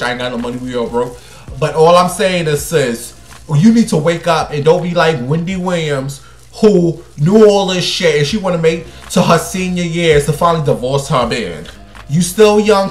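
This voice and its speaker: A man hosting a casual celebrity gossip show, sassy and blunt, swinging between loud bursts and hushed asides. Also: a little high. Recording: echoey room with faint music.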